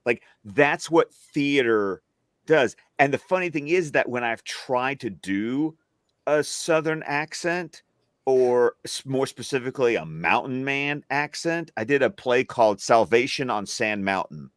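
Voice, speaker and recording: A man's voice: mid-range voice, lively intonation, unhurried, dry recording, clean studio sound. A man from the US South chatting casually on a panel, rambling through stories in a trained, neutral stage voice. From Alabama, US South. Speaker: film podcast panelist.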